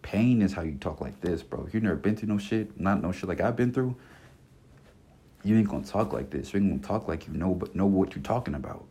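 A man's voice: low-pitched, expressive, brisk, dark tone, slightly rough. A man in his twenties giving a blunt, passionate solo podcast rant, full of slang and cursing, circling back and repeating his points. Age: 20s. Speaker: podcast host. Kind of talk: casual monologue rant.

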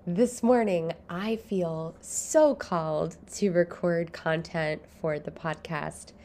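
A woman's voice: lowish voice, steady tone, slow pace, mellow. A woman hosting her own podcast, talking from home in a chatty, rambling way and laughing often. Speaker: podcast host. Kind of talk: casual solo podcast monologue. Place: home, early morning.

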